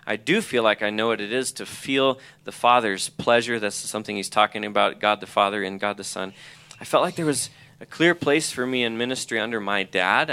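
A man's voice: on the low side, pushed and bright, clean tone. A middle-aged man giving an earnest personal testimony, reading aloud from his own journal. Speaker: college president or ministry leader.

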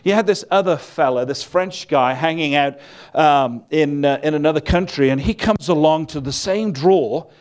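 Slightly high-voiced man preaching conversationally. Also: moderate pace, darkish tone. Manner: conversational, humorous storytelling. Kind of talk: sermon.

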